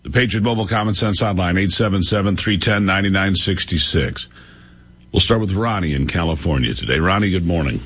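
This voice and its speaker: Deep-voiced male talk radio host. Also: a little fast, fairly bright tone, slightly rough.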